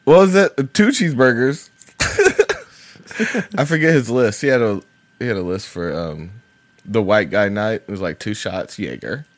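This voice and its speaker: A man co-hosting a casual podcast, reacting quickly and laughing often. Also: on the low side, animated. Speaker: podcast co-host.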